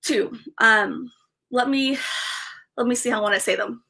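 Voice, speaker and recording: Bright, excitable woman live-streaming. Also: a little high, moderate pace, vocal fry, husky. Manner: excited, rambling, many restarts and fillers. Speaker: livestream host. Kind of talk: casual live-stream chat.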